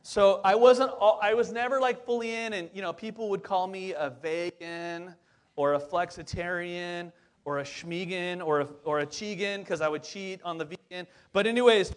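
A man's voice: high voice, moderate pace. A lead pastor in his forties preaching a casual sermon, chatty and upbeat, talking straight to the congregation with plenty of fillers and asides.

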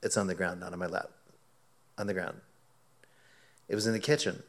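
A man preaching, telling a lively anecdote as a sermon illustration and acting out his own quoted words, often laughing. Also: deep voice, normal speed. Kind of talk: sermon illustration told as a story.

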